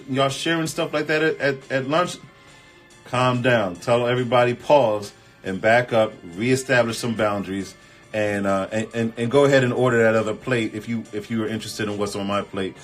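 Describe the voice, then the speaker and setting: A host with a mid-range voice runs a casual relationship advice chat, reading out viewer comments and answering them in an animated, emphatic, colloquial style.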